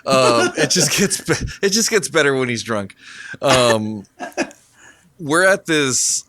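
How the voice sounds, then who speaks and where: A man's voice: mid-range voice, expressive, slow pace, pushed and bright. Man rambling in crude casual chat. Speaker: podcast co-host.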